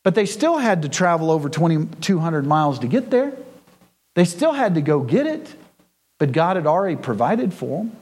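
A man's voice: fairly high pitch, sing-song, moderate pace, a little mellow, breathy edge. A male pastor preaching a sermon in a church, with folksy storytelling and frequent repetition.

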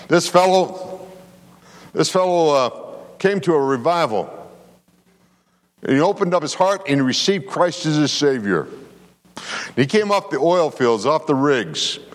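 A man's voice: on the high side, long reverb tail. A man preaching a sermon as pastor, telling a story and calling for amens from the congregation. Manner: preaching with call-and-response amens, animated storytelling.

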